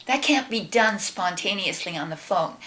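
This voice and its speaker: A woman co-hosting a tarot reading show, chatting casually and then leading a slow, meditative gratitude prayer. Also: medium pitch, expressive, fairly bright tone. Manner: slow, meditative, trails off and restarts. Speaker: tarot reader co-host. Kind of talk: casual chat and guided prayer.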